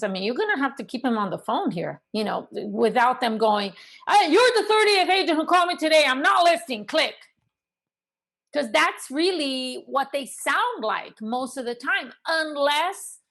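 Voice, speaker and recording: A woman with a fairly high voice coaches sales agents straight to the camera. She talks with energy and emphasis, and she keeps asking rhetorical questions. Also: a bit bright. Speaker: real estate sales coach. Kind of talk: instructional talk to the camera.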